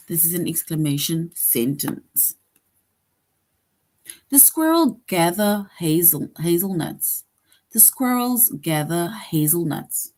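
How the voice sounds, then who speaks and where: A woman teaching a grade two class online, speaking in a slightly low voice. She talks at an unhurried, deliberate pace, pausing to read each example sentence aloud before explaining it. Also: a little mellow, breathy edge.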